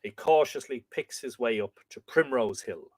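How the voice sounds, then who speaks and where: An Irish man hosting a live show, reading a book chapter aloud with dramatic pauses and slower quoted passages. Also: mid-range voice, animated, darkish tone, dry recording.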